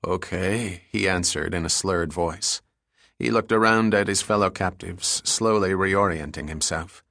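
A man narrating a thriller audiobook chapter in a steady, measured way. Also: sits low, gravelly, no room sound, clean studio sound. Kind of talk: scripted narration.

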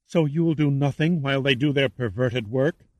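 A man's voice: mid-range voice, normal speed, darkish tone, dry recording, lightly acted. A man voicing a desperate, defiant female captive. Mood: pleading. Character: woman captive, pleading and defiant.

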